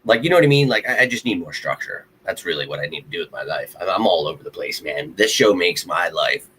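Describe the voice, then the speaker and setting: A man's voice: low voice, lively intonation, quick pace, pushed and bright, a little hiss or hum, rough recording. A man hosting his own live sports show, rambling bluntly and heatedly about his football team to viewers. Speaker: sports podcast host. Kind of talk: casual fan commentary to a live stream.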